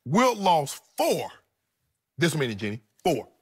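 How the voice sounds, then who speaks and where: A middle-aged man co-hosting a sports debate show, arguing emphatically and repeating points slowly for effect. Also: fairly high pitch, wildly swooping pitch, husky.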